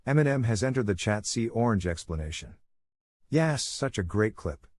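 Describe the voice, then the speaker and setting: A man with a fairly low voice reads forum posts aloud. His delivery is plain, with playful lifts on quoted words. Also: expressive, normal speed, noisy background. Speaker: narrator reading online posts.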